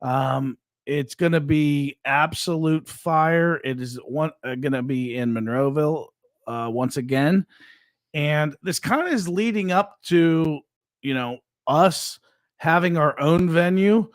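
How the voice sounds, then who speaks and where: A man co-hosting a live podcast, pitching upcoming events in an upbeat, promotional way with hype slang. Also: slow, no echo. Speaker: podcast co-host and fight promoter. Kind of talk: casual live podcast chat. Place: studio.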